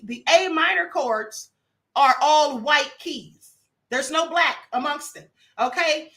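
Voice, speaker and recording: A woman's voice: high voice, bright, forceful tone. A woman hosting a casual commentary livestream, chatty and emphatic, often checking in with her audience. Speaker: live stream host. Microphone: computer mic on live stream.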